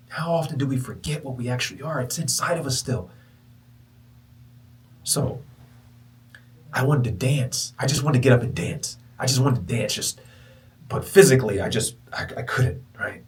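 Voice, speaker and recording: A man hosting a podcast, telling a personal spiritual story in a lively, preacher-like way. He moves between loud exclamations and hushed, whispered passages. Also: mid-range voice, normal speed, distant mic, low-quality recording. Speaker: podcast host. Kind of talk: motivational storytelling.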